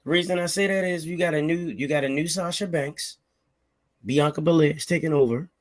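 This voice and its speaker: Blunt, laid-back man with a higher voice. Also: a little fast. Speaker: podcast co-host. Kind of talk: casual wrestling podcast talk.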